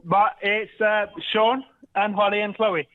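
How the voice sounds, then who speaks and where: A man's voice: high-pitched, level tone, a little slow, no echo, narrow, tinny audio. A man calling a phone-in show from home, friendly and chuckling. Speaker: caller. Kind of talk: casual phone call.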